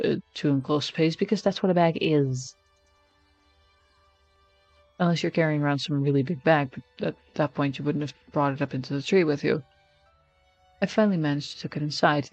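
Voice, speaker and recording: A man's voice: a little high, no room sound. Man narrating a text game, lo-fi stream. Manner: casual, wry asides between narrated lines.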